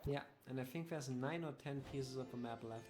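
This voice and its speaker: A man's voice: mid-range voice, moderate pace. A man teasing a friend with dry sarcasm as she plays a video game on stream. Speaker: co-host watching the player. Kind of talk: casual game stream chat. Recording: game music in the background. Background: game music.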